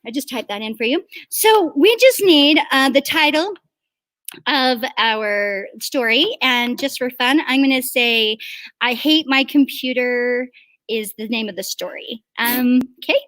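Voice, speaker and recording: Slow-talking woman host calling the game. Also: high voice, a bit bright, no echo. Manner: cheerful, laughing, calling out names. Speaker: improv host. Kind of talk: hosting an improv game.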